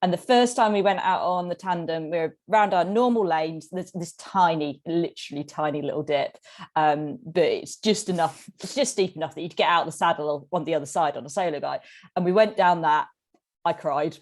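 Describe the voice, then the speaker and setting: A woman's voice: low-pitched, a little fast. A woman guest on a podcast telling casual stories, laughing often as she talks. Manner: giggly, animated, often laughs mid-sentence. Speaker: podcast guest, tandem cyclist. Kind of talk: casual storytelling.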